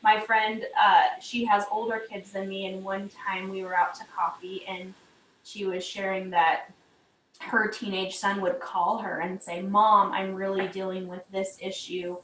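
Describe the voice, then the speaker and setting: A woman's voice: mid-range voice, a little slow. A middle-aged woman and mother, chatting casually in a group conversation over a video call and telling stories animatedly. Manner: chatty, animated storytelling with many fillers. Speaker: mother sharing parenting experience. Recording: roomy, distant mic with faint noise.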